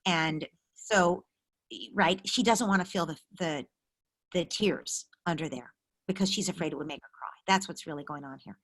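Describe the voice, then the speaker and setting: A middle-aged woman with a lowish voice speaks at a moderate pace, hosting call-in office hours as a parenting expert. Over a video call she gives callers warm, empathetic, direct coaching.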